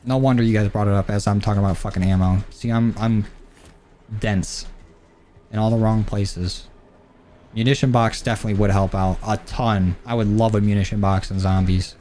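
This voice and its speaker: A man's voice: fairly low pitch, steady tone, moderate pace, warm tone, slight background noise. A man streaming a shooter game, thinking aloud in casual commentary, rambling and swearing freely from his home desk mic. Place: home gaming setup. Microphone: desk mic through a mixer. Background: faint game gunfire.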